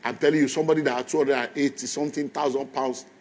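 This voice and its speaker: Animated man preaching. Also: medium pitch, very fast. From Nigeria. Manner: animated storyteller, acts out dialogue. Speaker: pastor and motivational speaker. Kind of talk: motivational storytelling talk.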